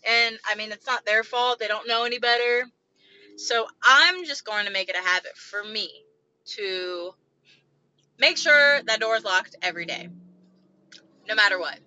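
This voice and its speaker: Bright-voiced woman venting, agitated. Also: fairly high pitch, muffled recording. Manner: agitated, profane, rambling venting. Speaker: podcast host. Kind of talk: solo venting podcast.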